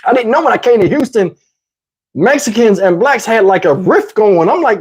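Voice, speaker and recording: A man from New Jersey tells a crude story, his pitch swinging all over and his voice a little husky. He talks fast and loose with lots of asides, close on a lapel mic. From Camden, New Jersey. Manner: profane, animated, lots of asides. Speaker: channel host. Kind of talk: comedic storytelling.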